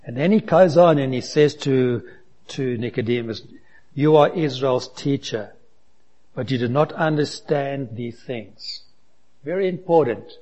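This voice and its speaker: A man's voice: mid-range voice, a little slow, warm tone. Emphatic male preacher, muffled recording. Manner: emphatic preaching, rhetorical questions, Bible reading. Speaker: pastor. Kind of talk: sermon.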